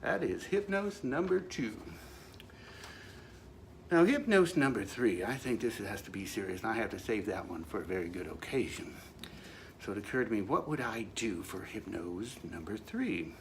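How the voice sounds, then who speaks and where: A man's voice: fairly low pitch, lively intonation, normal speed, creaky, slight background noise. A man hosting his own show, telling a comic monologue in a wry, mock-solemn way with playful asides. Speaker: show host.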